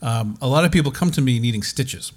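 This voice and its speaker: A man's voice: medium pitch, a little fast. A man who works as a doctor, hosting a podcast and telling patient stories with restarts and acted quotes. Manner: animated anecdotes with acted quotes, many restarts. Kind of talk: casual podcast chat, storytelling.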